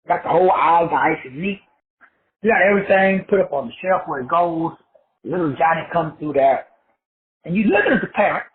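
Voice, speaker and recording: A man giving a rambling, profane motivational talk with a street-preacher cadence. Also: high-pitched. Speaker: motivational speaker. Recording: tinny phone-like audio with faint background noise.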